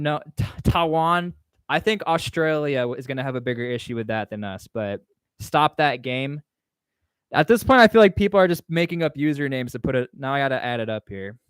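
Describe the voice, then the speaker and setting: A man's voice: on the high side, fairly bright tone, clear, resonant tone, no room sound, studio quality. A man hosting a casual livestream Q&A, reading chat questions aloud and answering in a rambling, offhand way. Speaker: livestream host.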